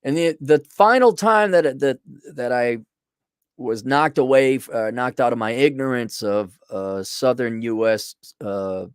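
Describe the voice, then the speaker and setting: A man's voice: medium pitch, a little slow, smooth, no room sound, clean studio sound. A middle-aged man telling a rambling, self-mocking story in a casual monologue, full of sarcastic asides. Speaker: podcast host.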